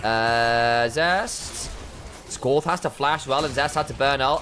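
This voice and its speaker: A man casting a live esports match, breaking down item choices in detail, chatting with viewers and breaking into excited shouts during fights. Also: mid-range voice, slow pace, faint music behind. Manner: analytical, chatty with viewers, bursts of excitement on plays. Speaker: esports caster.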